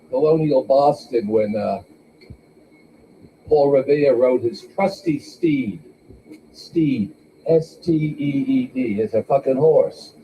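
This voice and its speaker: Older guy hosting comedy night, slow deadpan bits, sounds far off in a noisy room. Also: mid-range voice. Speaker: open mic host. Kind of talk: stand-up comedy. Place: small club with a live audience. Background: audience laughter.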